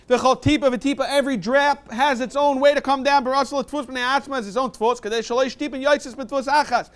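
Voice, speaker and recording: A man leading a Talmud review class, reading Aramaic lines quickly and explaining them in plain English. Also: very high-pitched, steady tone, smooth.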